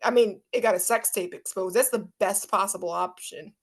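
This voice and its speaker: Chatty young mom podcaster. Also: female voice, medium pitch, normal speed. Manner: chatty, many "like" fillers, animated when quoting. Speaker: podcast co-host. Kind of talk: casual chat.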